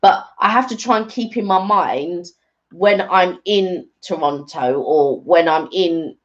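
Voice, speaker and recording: A woman's voice: lowish voice, takes it slowly. A woman co-hosting a live stream, chatting casually and rambling with fillers and restarts. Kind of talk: casual chat. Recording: dull lo-fi stream audio.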